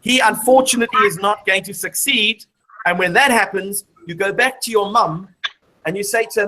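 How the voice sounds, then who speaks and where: A woman's voice: mid-range voice, normal speed, pushed and bright, low-quality recording. A woman presenting a live maths show to a classroom of children, explaining step by step and quizzing the class as she goes.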